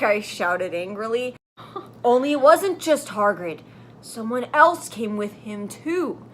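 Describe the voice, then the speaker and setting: A young woman reading a fan story aloud for comedy, deadpan and sarcastic, with joking asides. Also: a little high, slow. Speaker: comedy reader.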